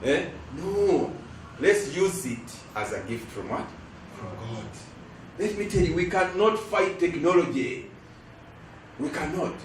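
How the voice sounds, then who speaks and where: In an echoey hall, heard from a distance, a middle-aged guest lecturer with a Ugandan English accent preaches emphatically while the crowd finishes his sentences. He speaks with a fairly high, slightly bright voice. There is a little background noise.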